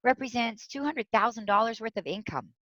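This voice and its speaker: A woman speaker, a guest in an interview, telling a personal story with lively quoted voices. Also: fairly high pitch, fairly quick, no echo. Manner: animated, tells stories with quoted voices. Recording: dull lo-fi sound.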